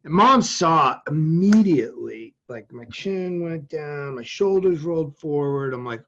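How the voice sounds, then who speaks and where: A man from Massachusetts tells a personal story as a podcast guest, animated and vivid. His voice sits fairly high for a man and comes through a dull, lo-fi recording. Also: moderate pace, few pauses. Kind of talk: storytelling in an interview. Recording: dull lo-fi sound.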